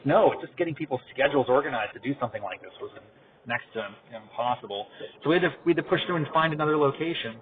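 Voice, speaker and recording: A man hosting a podcast, chatting casually while he drives, rambling and trailing off quietly at times. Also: fairly high pitch, expressive, fast talker. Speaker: podcast host. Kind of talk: casual chat while driving. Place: inside a car. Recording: tinny phone-like car recording.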